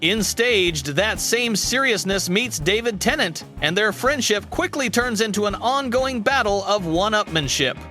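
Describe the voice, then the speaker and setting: A man reading a scripted narration in a smooth, even delivery. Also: high-pitched, measured pace, few pauses, soft background music.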